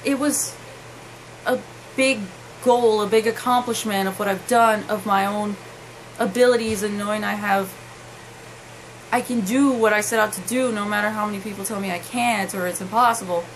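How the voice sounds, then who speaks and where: A young woman telling a personal story to camera, halting and emotional, with many restarts. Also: mid-range voice, steady tone, a little hiss or hum, low-quality recording. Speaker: vlogger.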